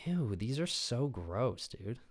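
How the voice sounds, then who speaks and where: A man's voice: mid-range voice, sing-song, takes it slowly. A young man hosting a podcast in a casual, rambling, profane chat. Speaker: podcast host.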